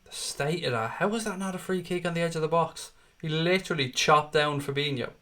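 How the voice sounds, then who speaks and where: A man's voice: on the high side, a little fast. A man hosting a live fan watchalong, calling the match play by play, swearing freely and chatting with viewers. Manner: excitable, sweary, rants at the referee; chats to viewers in the live chat.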